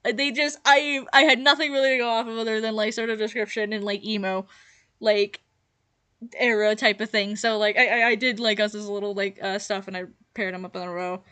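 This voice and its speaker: A woman's voice: mid-range voice, steady tone, a little fast, a bit bright, smooth. A young woman giving casual reaction commentary, giggly and rambling with lots of fillers. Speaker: YouTuber reacting to her old videos.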